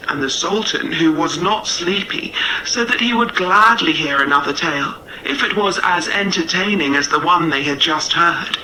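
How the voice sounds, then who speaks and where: A man narrating a storybook tale in a measured, gentle way. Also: fairly high pitch, recorded from a distance, slight background noise, rough recording.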